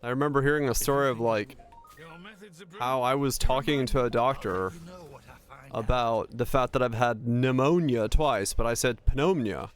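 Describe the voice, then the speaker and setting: A young man from Finland whose first language is Finnish, chatting casually with his stream chat, swearing freely and telling animated stories with frequent laughs. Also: medium pitch, moderate pace, clear, resonant tone. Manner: profane, animated storytelling, laughs often.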